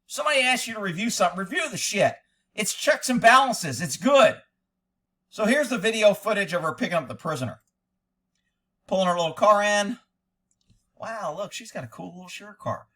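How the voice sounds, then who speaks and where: A man rants in a sarcastic, profane running commentary, full of exasperation. His voice sits high and bright, and it swings widely as he mocks what he is watching. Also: lively intonation, fairly quick, pauses often. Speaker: commentator, former fugitive hunter. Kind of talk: ranting video commentary.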